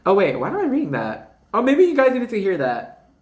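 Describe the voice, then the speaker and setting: A woman's voice: mid-range voice, huge pitch swings, brisk, a little mellow. A woman giving a casual spiritual card reading, rambling and slangy, constantly talking to her viewers as "you guys.". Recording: roomy echo.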